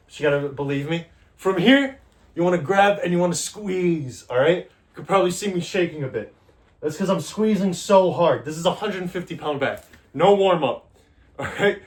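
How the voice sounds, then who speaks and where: Man, fitness vlogger, casual coaching, rambling fillers, a bit high-pitched. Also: lively intonation, moderate pace. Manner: loose, talky coaching with fillers. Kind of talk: casual workout demonstration.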